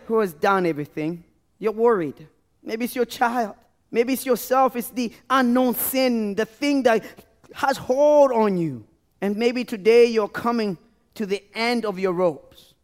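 A man pastor preaching a sermon and leading an altar call to a church, pleading and repeating his phrases with rising and falling intensity. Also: high voice. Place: church sanctuary.

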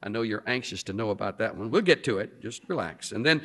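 A man's voice: mid-range voice, sing-song, brisk, fairly bright tone. A man preaching an expository sermon, drawing out key words for emphasis. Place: church sanctuary. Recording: long reverb of a hall.

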